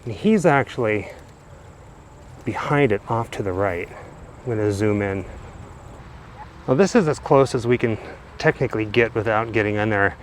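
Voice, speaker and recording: A man's voice: on the low side, normal speed, pauses often. A man narrates a walking-tour vlog, chatty and enthusiastic as he shows viewers around. He talks into a handheld camera mic outdoors, with faint traffic passing behind him. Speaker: travel vlogger. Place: outdoors in a cemetery by a busy road. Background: faint cars and trucks.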